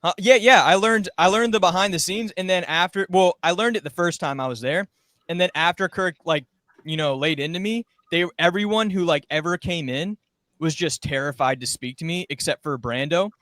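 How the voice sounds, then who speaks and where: A man's voice: sits high, fairly quick, fairly bright tone, no echo. A young man and former podcast intern, telling a rambling story in casual chat and acting out quoted lines.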